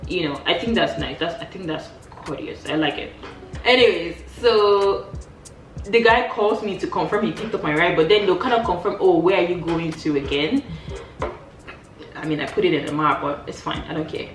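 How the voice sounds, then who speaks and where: Animated woman vlogger, low voice. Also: fairly quick, recorded from a distance. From Nigeria. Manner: animated, acts out quoted dialogue with big pitch jumps. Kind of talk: casual storytelling chat. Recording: roomy sound from off the mic, faint music.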